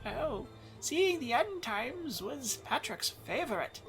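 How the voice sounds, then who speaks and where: A woman's voice: high-pitched, very animated, slow, soft background music, voice pushed down, exaggerated voice, low-quality recording. Granny Gooley, a woman doing an eerie old granny. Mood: eerie sweet. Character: frail old granny, eerie and doom-saying. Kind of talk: reading game dialogue aloud.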